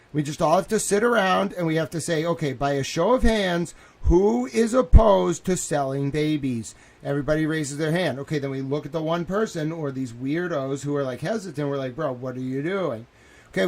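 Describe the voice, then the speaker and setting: A man streaming a casual rant, swinging between low mutters and near-shouting, often breaking into laughter.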